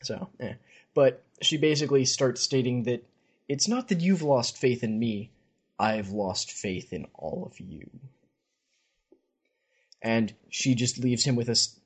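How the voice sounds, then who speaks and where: A man with a husky voice and a middle pitch chats through a recap of fantasy fiction. He mixes casual commentary with passages read straight from the text. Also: animated, a little slow. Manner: chatty retelling, reads passages aloud. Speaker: podcast host.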